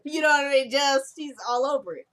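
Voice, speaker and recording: A woman giving a casual, rambling recap of a TV drama episode, full of fillers and self-corrections. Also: brisk. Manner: drops into quieter, lower tones when quoting characters.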